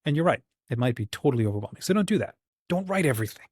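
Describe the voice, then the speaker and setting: Husky-voiced man giving rambling encouragement. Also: mid-range voice, sing-song, rapid-fire, a little mellow, dry recording, studio quality. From United States. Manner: rambling, encouraging, acts out quoted dialogue. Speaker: channel host. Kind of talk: casual livestream talk.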